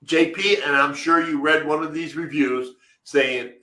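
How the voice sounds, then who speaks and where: A man's voice: fairly high pitch, steady tone, measured pace, sharp tone, reverberant, rough recording. A man co-hosting a live webinar, answering viewer questions from the chat in an emphatic, direct way. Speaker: webinar co-host.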